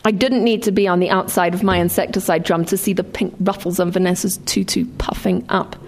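A woman's voice: fairly low pitch, fairly even intonation, brisk, a little hiss or hum. A woman born in England reading her own memoir with dry wit, then talking about writing it. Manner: dry, wry storytelling.

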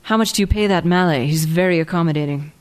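A woman's voice: on the low side, fast talker, close to an everyday voice. A woman reading the lines of a passionate, hotheaded young man who speaks urgently and pleads. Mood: desperate, angry. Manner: urgent, pleading, hoarse at times.

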